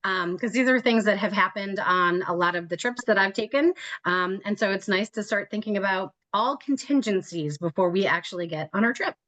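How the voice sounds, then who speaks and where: A woman hosting an online planning meeting for a group trip, speaking over a video call. She talks in a chatty, joking way, with frequent light laughs. Her pitch sits in an ordinary middle range. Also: a little fast, a bit bright. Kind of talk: casual meeting talk.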